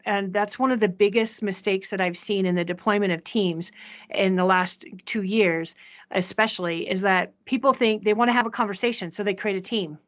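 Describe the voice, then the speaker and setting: A woman presenting a software demo in a chatty way, often checking in with the audience. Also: mid-range voice. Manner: chatty, asks "right?" often. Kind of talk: live software demo talk.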